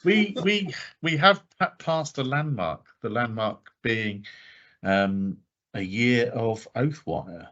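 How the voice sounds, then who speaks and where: A man's voice: mid-range voice, animated, slow, a bit bright, highs cut off. A man co-hosting a podcast in casual chat, talking loosely with fillers and frequent laughs. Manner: chatty, laughs often, many fillers. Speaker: podcast co-host.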